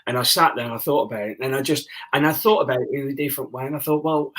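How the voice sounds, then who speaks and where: A man's voice: mid-range voice, very fast, a bit bright. A man, a guest medium in a casual panel discussion, talking in an earnest, rambling way.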